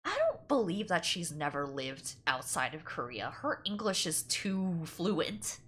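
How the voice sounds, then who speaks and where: A woman streamer chatting casually while reacting to a video, animated and quick to laugh, with lots of filler words. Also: lowish voice. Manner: animated, giggly, breaks into laughter often; chatty, heavy use of 'like'. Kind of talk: casual livestream reaction chat.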